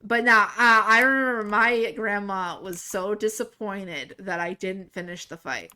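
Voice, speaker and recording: A young woman livestreamer telling a story casually while gaming, rambling and animated, laughing and swearing often. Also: medium pitch, measured pace, smooth.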